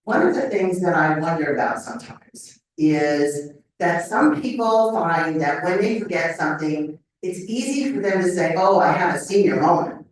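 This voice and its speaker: A woman's voice: on the low side, lively intonation, normal speed, slight background noise. An older woman giving a live lecture to an audience, talking conversationally and often checking in with "okay?". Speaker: memory lecturer. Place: lecture room. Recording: echoey hall mic from a distance.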